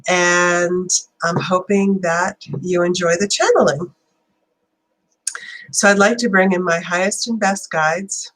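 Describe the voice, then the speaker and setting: A woman with a fairly low voice hosts a spiritual channeling session. She talks in a loose, rambling way full of fillers. She slows into deliberate, prayerful invocations. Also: steady tone, fairly bright tone, poor audio. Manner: chatty and rambling, then slow and prayerful. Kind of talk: livestream talk and invocation.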